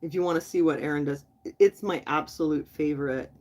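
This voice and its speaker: Low, a bit mellow, and fairly quick, this woman's voice belongs to a late-night livestream host. She's chatty and loose, talking straight to her viewers in the chat and laughing easily.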